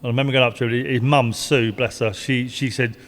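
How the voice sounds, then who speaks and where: A man's voice: mid-range voice, flat delivery, fast, fairly bright tone. Older man, retired racer, rambling anecdotes with laughs; long reverb. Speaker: retired stock car driver. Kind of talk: casual storytelling interview.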